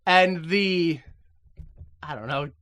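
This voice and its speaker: Podcast co-host, male, bright edgy voice; loose comedic recap with lots of voices and laughter. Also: on the high side. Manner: acts out characters in quick voices, laughs often, swears.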